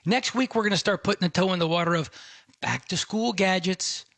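A man's voice: high-pitched, a little fast, gravelly, a bit bright, dry recording. A middle-aged man hosting a talk radio tech show, chatty and conversational, speaking to listeners as a friend.

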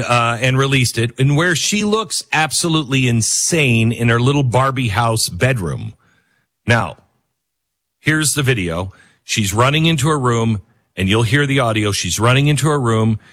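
A middle-aged man giving opinionated commentary over video clips, animated and chuckling, repeating points for emphasis. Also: medium pitch, a little slow. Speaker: political commentator.

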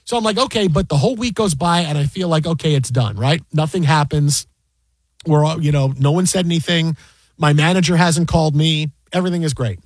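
A man who works as a sports broadcaster, casually recounting a work story in an animated, exasperated way. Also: fairly high pitch, a little fast, no echo. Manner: animated, exasperated retelling with repeated asides. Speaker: fantasy football broadcaster.

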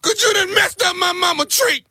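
A man doing a high, piercing crybaby of a grown man, hollering over his mama's tree, prank call. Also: lively intonation, normal speed, gravelly, a little hiss or hum, heavily acted. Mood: tearful. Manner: shouting, loud and sobbing. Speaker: prank caller.

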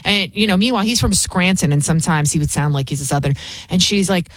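A woman's voice: lowish voice, fast, no echo. Emphatic, combative woman commentator. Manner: combative, emphatic, repeats phrases. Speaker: talk show host. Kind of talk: political commentary.

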